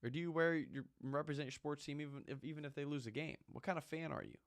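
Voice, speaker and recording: A man's voice: on the high side, fast talker, dry recording, studio quality. A man and former Marine giving an impassioned, ranting monologue, repeating his points with emphasis. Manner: fired-up, ranting, emphatic repetition.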